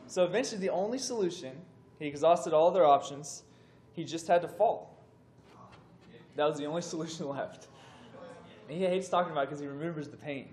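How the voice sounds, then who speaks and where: A young man giving a casual sermon to a youth group. He tells a story with animated, conversational delivery and acts out the voices in it. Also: a little high, a little fast, pauses often. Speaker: youth speaker. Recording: echoey room with faint background noise.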